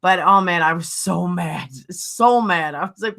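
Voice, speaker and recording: A blunt New York woman hosting a casual livestream, venting about online feuds with plenty of swearing. Her voice is bright and forward, and she talks with fiery, animated indignation. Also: on the low side, measured pace. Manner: blunt, swears freely, heated storytelling. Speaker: livestream host.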